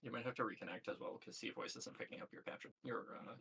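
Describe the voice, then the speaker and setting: A man narrating as game master of a tabletop game over a voice call, relaxed and hesitant, with many fillers. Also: mid-range voice, fast, creaky, breathy edge, poor audio.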